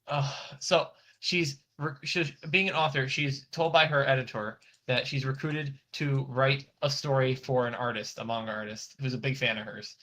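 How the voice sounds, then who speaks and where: A man's voice: mid-range voice, steady tone, moderate pace, hardly any pauses, fairly bright tone. A man co-hosting a podcast, recapping anime episodes in a rambling, casual way, swearing now and then and acting out the characters' lines. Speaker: podcast co-host.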